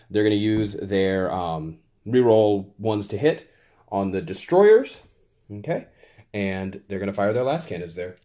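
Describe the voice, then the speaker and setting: A man with a lowish, slightly mellow voice plays a tabletop wargame, giving a casual play-by-play of his dice rolls. He sounds playfully exasperated and adds little sound effects as he rolls.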